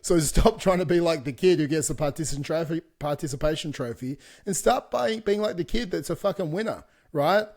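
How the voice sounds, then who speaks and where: A man's voice: a little high, expressive, a little fast, hardly any pauses, darkish tone. A man co-hosting a fitness podcast, talking bluntly in casual chat and swearing freely. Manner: blunt, swears freely, laughs between points. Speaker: podcast co-host, fitness coach.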